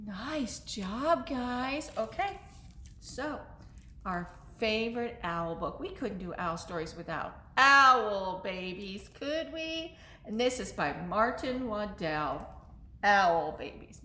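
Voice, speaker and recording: A woman's voice: medium pitch, lively intonation, slow, pushed and bright. A woman in her thirties, a children's librarian leading story time, cheerful and coaxing with young children. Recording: echoey room.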